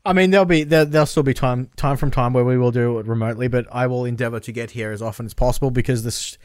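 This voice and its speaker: A man's voice: medium pitch, steady tone, quick pace, dry recording. A man co-hosting a podcast in a home studio. He talks casually and laughs easily. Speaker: podcast co-host. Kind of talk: casual chat.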